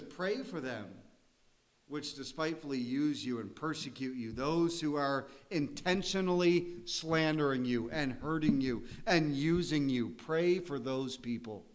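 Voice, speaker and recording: A man's voice: fairly high pitch, animated, a little slow. Earnest man preaching a sermon. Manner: earnest, conversational preaching with laughs and rising emphasis. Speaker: pastor.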